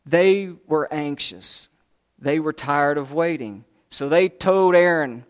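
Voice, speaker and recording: A man's voice: fairly high pitch, unhurried. Folksy man preaching a sermon. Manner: folksy, conversational storytelling.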